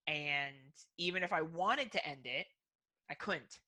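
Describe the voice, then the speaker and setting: Casual, candid woman co-host; lowish, bright-edged voice, rambly. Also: a little slow. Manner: candid, swears freely; talkative, thinks aloud with many "like"s. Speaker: podcast co-host. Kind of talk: casual chat.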